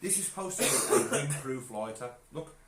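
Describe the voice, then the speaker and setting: A man's voice: mid-range voice, expressive, normal speed. Joking man on a live stream, echoey room. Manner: joking, banters and slips into silly voices. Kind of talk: casual chat. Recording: echoey room with faint noise.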